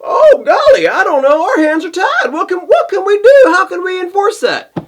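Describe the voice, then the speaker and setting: A man mockingly voicing a flustered school official who claims his hands are tied, in a high whining tone. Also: very animated, moderate pace. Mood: mock helpless. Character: flustered, falsely helpless male school official.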